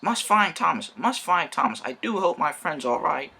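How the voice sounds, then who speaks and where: A vain red steam engine boasts in a bright, raspy, high-pitched voice, put on by a man reading a storybook. He swoops up and down with loud, showy exclamations. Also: very animated, moderate pace, exaggerated voice. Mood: earnest.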